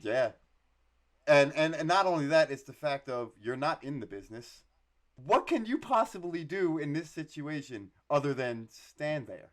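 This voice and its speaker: A man co-hosting a podcast, telling stories in an animated way, swearing freely and laughing often. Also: fairly high pitch, normal speed. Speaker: podcast co-host. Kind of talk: casual podcast chat.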